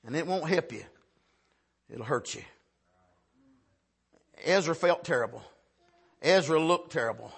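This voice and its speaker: A man preaching a sermon with passion, dropping to a hush and then building to shouts, with a steady stream of "Amen.". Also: a little high, measured pace, vocal fry, long pauses, husky. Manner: impassioned, swings from hushed to shouting, frequent "Amen".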